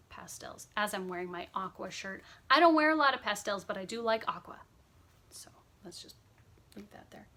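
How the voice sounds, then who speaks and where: Bright-voiced chatty woman vlogger. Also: on the high side. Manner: chatty, upbeat, lots of fillers. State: sleepy, yawning. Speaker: cross stitch vlogger. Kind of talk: casual chat.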